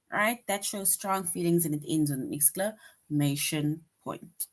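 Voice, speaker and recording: A woman teaching an online grade-school lesson, patient and repetitive, often checking in with "right?" and acting out example sentences with sudden lively bursts. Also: medium pitch, normal speed.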